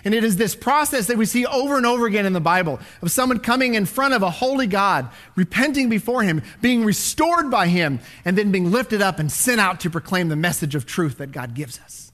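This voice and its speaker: A man preaching a sermon as a pastor, swinging between loud declarations and hushed whispers as he reads scripture. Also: high-pitched, lively intonation, fairly quick, few pauses.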